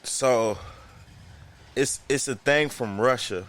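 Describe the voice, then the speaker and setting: A man co-hosting a podcast, telling a long story in an animated, profane, slangy way. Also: mid-range voice, takes it slowly. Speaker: podcast co-host. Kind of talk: casual storytelling chat.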